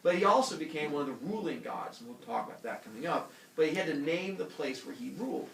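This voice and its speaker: A man's voice: fairly high pitch, fast talker, vocal fry, a little hiss or hum. A man teaching a classroom lesson, joking and acting out voices as he explains. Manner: animated, jokey, acts out voices. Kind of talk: classroom lecture. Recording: roomy classroom audio from far off.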